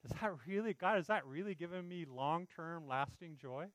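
Male pastor, earnest conversational sermon delivery, fairly high voice, dry recording. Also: normal speed, no room sound, rough recording. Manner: earnest, pleading, conversational preaching with frequent "right?" asides.

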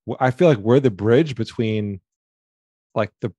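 A man's voice: lowish voice, unhurried, warm tone, no room sound, lo-fi sound. A man, a podcast guest, voicing concern and peppering his talk with "like". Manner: concerned, lots of "like" fillers. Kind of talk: casual panel chat.

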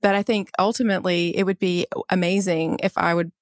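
A woman's voice: lowish voice, steady tone, a little fast, dry recording, clean studio sound. A woman in her forties, a nurse guest on a podcast, talking in an earnest, chatty way and laughing easily. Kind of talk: casual podcast interview.

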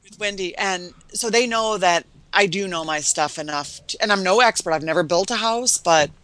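A woman's voice: normal speed, no echo. A middle-aged woman talking as a real estate investor guest, telling stories and acting out quoted voices. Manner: animated storyteller, acts out quoted voices in a high sweet tone. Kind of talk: casual interview chat.

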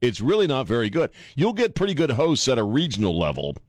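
A man's voice: medium pitch, very animated, fast talker, darkish tone, no room sound. A man in his fifties hosting a talk radio show, blunt and casual, laughing often and repeating words as he goes. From Washington DC area. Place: radio studio. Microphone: studio mic.

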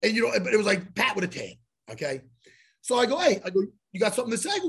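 A man's voice: sits high, sing-song, racing, creaky, a bit bright, husky. A man telling a story on a podcast in a loose, profane way, acting out every exchange. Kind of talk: casual storytelling.

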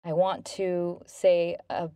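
Woman podcast host, low mellow voice, dry close mic, gentle earnest advice. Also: little pitch movement, slow pace, clear, resonant tone, no room sound. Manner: gentle, earnest, bubbly when thanking listeners. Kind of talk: self-help podcast monologue.

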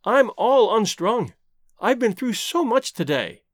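A man's voice: sits high, wildly swooping pitch, slow pace, dry recording, studio quality, exaggerated voice. Jane, a pleading young woman, as a man reads her.

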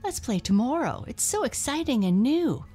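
Scaredy Boo, a squeaky frightened little monster, voiced by a woman. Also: very animated, normal speed, dark tone, breathy edge, faint music behind, exaggerated voice. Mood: delighted. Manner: high, trembling, anxious cries. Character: timid little boy monster, easily frightened. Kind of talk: storybook reading.

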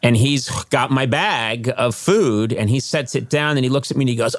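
Animated storytelling man, dry close sound. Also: medium pitch, a little fast, hardly any pauses, no room sound. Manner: animated, does lively voices in his anecdotes. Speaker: podcast guest. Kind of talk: casual storytelling.

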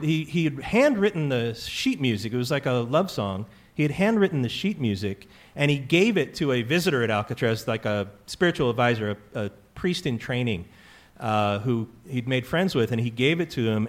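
A man from California hosting a trivia show before a live audience, telling stories in a chatty, joking way with plenty of fillers. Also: medium pitch. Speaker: quiz show host.

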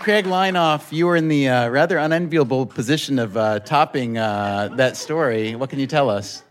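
A man's voice: medium pitch, moderate pace, a faint crowd. A man hosting a live storytelling show on stage, wry and lightly teasing as he introduces guests and runs the vote. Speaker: host. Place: stage before a live audience.

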